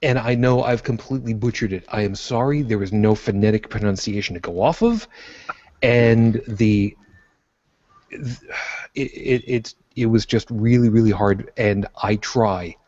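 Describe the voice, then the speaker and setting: A man's voice: fairly low pitch, a little slow, darkish tone, lo-fi sound. A man co-hosting a podcast in casual chat, self-deprecating and apologetic. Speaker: podcast co-host.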